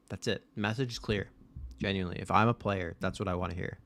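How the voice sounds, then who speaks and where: A man with a somewhat low voice hosts a casual live watch-party stream from his desk mic. He talks straight to his chat, blunt and loose, with the odd swear word thrown in. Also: steady tone, quick pace, a bit bright.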